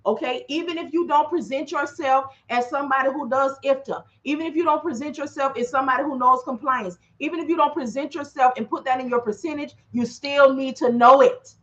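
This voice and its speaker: High-voiced woman dispatcher, lively talk. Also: quick pace, hardly any pauses, highs cut off. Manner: animated, acts out calls. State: hiccups, throat clearing. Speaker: freight dispatcher. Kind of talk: casual livestream talk. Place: drafty office.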